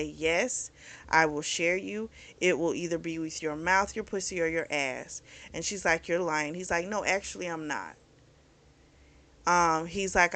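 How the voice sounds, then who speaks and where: Woman host, casual book recap, chatty and frank, bright tone. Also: fairly low pitch. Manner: candid and chatty, recounting the plot with frank opinions. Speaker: book review channel host.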